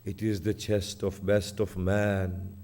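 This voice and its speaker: A man preacher voicing a cruel male soldier in a threatening, low manner during a sermon. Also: fairly even intonation, slow, dark tone, lightly acted. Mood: menacing.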